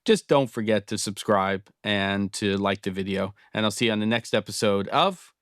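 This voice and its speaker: A man's voice: on the low side, normal speed, dry recording, studio quality. A man in his fifties from Britain hosting a casual tutorial, thinking aloud with frequent ums. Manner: relaxed, thinking aloud with many fillers. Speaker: host. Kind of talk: casual screen-recorded tutorial.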